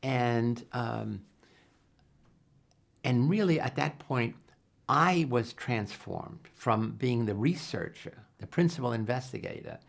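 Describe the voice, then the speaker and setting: Older male psychologist, gravelly voice, earnest storyteller with lively quoted dialogue. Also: medium pitch, slow. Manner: earnest, animated retelling with acted-out quotes and many restarts. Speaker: psychologist interviewee. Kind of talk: reflective interview storytelling.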